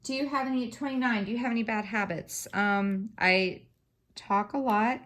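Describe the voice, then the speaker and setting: A woman's voice: a little high, normal speed, fairly bright tone. A woman, chatting casually to a camera on a stand while she crafts, rambling and swearing freely. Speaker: craft vlogger.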